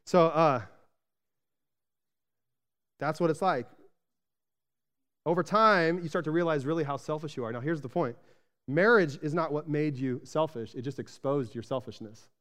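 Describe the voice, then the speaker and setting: A man from Arizona preaching a sermon in a casual, chatty way, often checking in with the congregation and getting animated in his stories. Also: fairly high pitch, normal speed, pauses often. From Arizona, USA. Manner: animated storytelling, rising louder when excited. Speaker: pastor.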